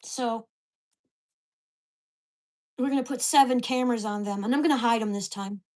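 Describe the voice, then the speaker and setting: A woman vlogger ranting to the camera, with profane, fast-shifting storytelling and an exasperated, indignant tone. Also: on the high side, a little mellow. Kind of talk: angry rant to camera.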